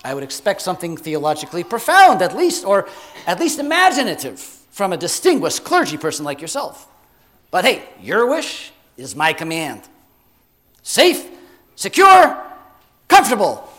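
A man voicing a brash, sarcastic male genie with a Chicago accent and a loud, mocking, high-pitched delivery. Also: huge pitch swings, moderate pace, full character voice.

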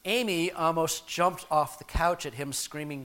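Male pastor, 50s, bright tone, reflective storytelling sermon. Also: on the high side. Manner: reflective, measured, with pauses.

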